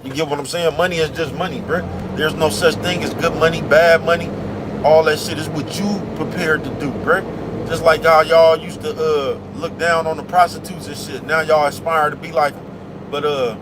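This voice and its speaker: A man talks to his viewers from the cab of a big truck in a slangy, rambling way, preaching his views as he drives. His voice sits a little high for a man. Faint traffic hums behind him on a phone mic. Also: fairly even intonation, normal speed. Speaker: vlogger driving a truck. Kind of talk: casual rambling monologue. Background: faint traffic noise.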